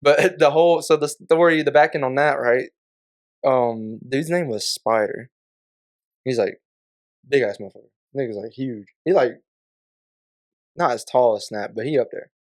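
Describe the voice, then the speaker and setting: A man's voice: mid-range voice, normal speed, pauses often. A man on a podcast telling a casual, profane story in a laid-back way, often breaking into laughter. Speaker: podcast guest.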